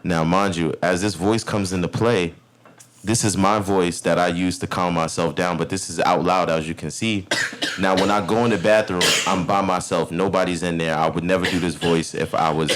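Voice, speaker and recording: A man's voice: sits low, fairly even intonation, moderate pace. A man in his thirties from Brooklyn with a New York accent, telling a story in a loose, profane, slang-heavy way as a podcast host. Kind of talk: casual storytelling.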